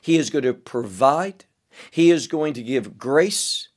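A man's voice: medium pitch, expressive, takes it slowly. A man teaching scripture verse by verse, reading each verse aloud and explaining the Hebrew words. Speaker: Bible teacher.

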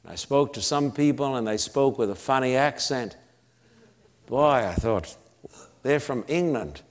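An Australian man preaching a sermon at an unhurried, deliberate pace. His voice sits in an ordinary middle pitch, and he leans hard on each phrase, repeating words for emphasis and pausing between lines. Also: expressive. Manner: emphatic, slow preaching with long pauses and repetition.

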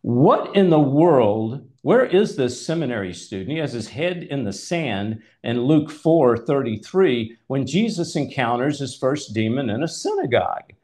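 A man's voice: medium pitch, sing-song, unhurried, few pauses, a little mellow. A man hosting a conversational Bible teaching, emphatic and at times exasperated as he reads scripture aloud. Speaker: host and preacher.

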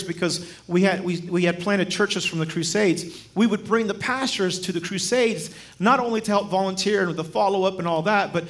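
A man as guest preacher, telling stories in a sermon in a lively, humorous way and chuckling as he speaks. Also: sits high. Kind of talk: sermon with storytelling.

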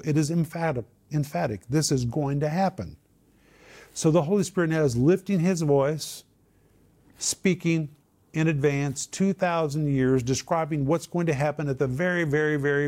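A man's voice: fairly high pitch, normal speed, darkish tone. An older man and co-host teaching the Bible in a conversational way, stressing key words by repeating them.

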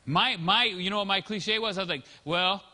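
A high-pitched, bright and forceful male pastor preaching a sermon, his voice ringing with long hall reverb. He talks in a casual storytelling way, acting out the lines of people in his anecdotes. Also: normal speed. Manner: conversational storytelling, acting out quoted dialogue.

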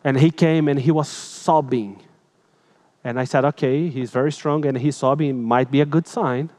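A male pastor preaching an emotional sermon through personal stories, animated and dramatic, shifting between loud and hushed, with slightly broken English phrasing. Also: mid-range voice, moderate pace.

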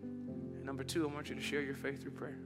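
A man preaching a sermon in a church, storytelling with big swings from loud excitement to soft, hushed moments. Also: medium pitch, fast, over loud music. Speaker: pastor.

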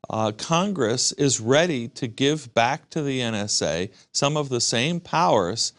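A man's voice: medium pitch, animated, a little slow, a bit bright. A man from the United States answers as an interview guest. His delivery is emphatic, and he stacks repeated words into lists for force. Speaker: guest commentator.

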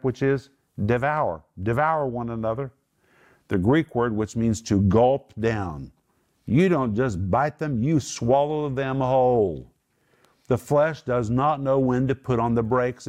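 A man's voice: mid-range voice, darkish tone. A man teaching the Bible to a small group, emphatic, lifting his voice to stress his points.

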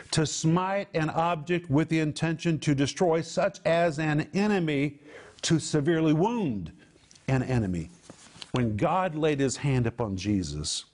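Man, middle-aged, fairly high-pitched, emphatic sermon delivery, repeats words for stress. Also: a little mellow. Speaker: pastor.

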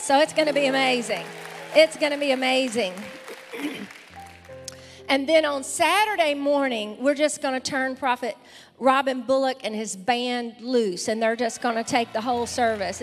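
A high, bright-voiced woman pastor with a Southern accent greets the congregation in an unhurried way. Soft music plays behind her, with a faint crowd murmuring in the church. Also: long reverb tail. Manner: enthusiastic, calls out to the congregation. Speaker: pastor welcoming visitors. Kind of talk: church welcome and announcements. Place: large church sanctuary with a congregation.

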